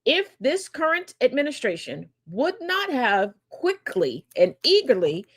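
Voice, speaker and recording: A woman's voice: sits high, very animated, a little slow. A woman hosting a daily news commentary stream, talking in a sassy, sarcastic way and laughing often. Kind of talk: casual political commentary.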